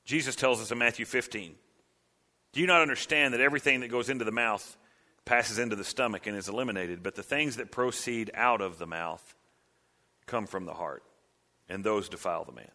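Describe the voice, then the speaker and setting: A man preaching a sermon, acting out cries and quotes with big swings between loud and hushed. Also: on the low side, brisk. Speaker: pastor.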